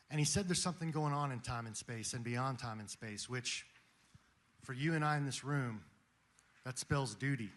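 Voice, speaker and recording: A man's voice: medium pitch, moderate pace, fairly bright tone. A man giving an impassioned Christian motivational speech to a room of men, rousing and quoting famous speeches. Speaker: speaker at a men's gathering. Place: meeting room with an audience.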